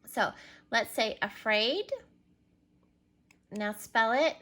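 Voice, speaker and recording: Her voice is a little high, pushed, and bright, and she speaks a little slowly with frequent pauses. She's a teacher giving young children a recorded reading lesson, patiently prompting them and spelling words letter by letter.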